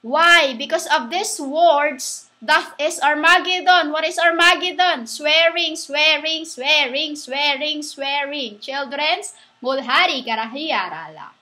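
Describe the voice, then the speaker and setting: A woman giving a rambling religious monologue, halting and restarting, spelling words out letter by letter. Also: high voice, fairly even intonation, bright, forceful tone. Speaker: self-styled preacher.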